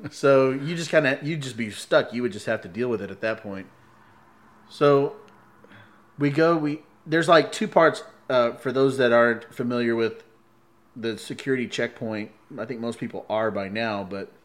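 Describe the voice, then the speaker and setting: A man in a casual chat, telling a story in an animated way, laughing often and acting out quoted lines. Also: medium pitch.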